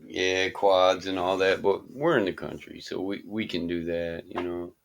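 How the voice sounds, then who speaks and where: A man's voice: low-pitched, steady tone, measured pace, vocal fry, a little hiss or hum. Laid-back man in his forties. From Michigan. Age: 40s. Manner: easygoing, laughs often, tells car-collecting stories. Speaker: discord caller. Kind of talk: casual chat. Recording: voice chat over discord.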